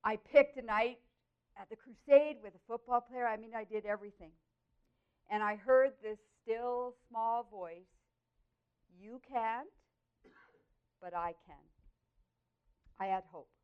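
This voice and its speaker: A woman sharing her personal Christian testimony, telling the story in an earnest, expressive way with lively swings in her voice. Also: fairly high pitch, moderate pace, clean tone. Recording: dull, lo-fi audio.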